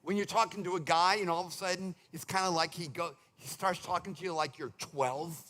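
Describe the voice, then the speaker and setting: A male pastor preaching a sermon in a conversational, animated way, slipping into quick mimicked asides. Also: high-pitched, a little hiss or hum. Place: church sanctuary.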